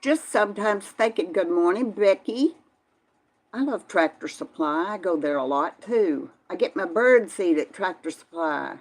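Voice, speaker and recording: Chatty older woman, lowish voice. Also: lively intonation, unhurried. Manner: chatty, answers viewers by name, folksy. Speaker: vlog host reading live chat. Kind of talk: casual live-stream chat.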